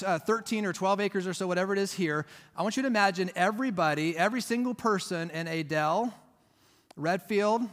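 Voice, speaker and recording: Pastor, male. High, bright voice; chatty, emphatic preaching; long hall reverb. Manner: conversational, emphatic teaching with frequent restarts. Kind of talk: sermon.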